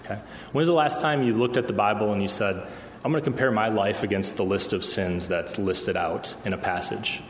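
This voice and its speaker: The man preaching here has a lowish voice and a fairly quick delivery. As a pastor in a church hall, he keeps his sermon conversational and asks the room "okay?" often, all captured with long, echoey reverb and slight background noise.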